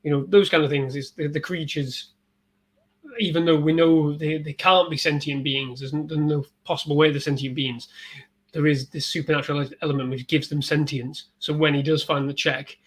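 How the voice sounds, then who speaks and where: Animated, swearing man, slightly high voice. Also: normal speed, slightly rough, low-quality recording. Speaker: podcast guest. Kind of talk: casual film discussion.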